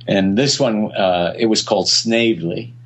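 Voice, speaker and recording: A man being interviewed about his past work, reminiscing slowly with frequent pauses and fillers. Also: lowish voice, a bit bright, breathy edge. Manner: hesitant, many fillers. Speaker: guest, film director.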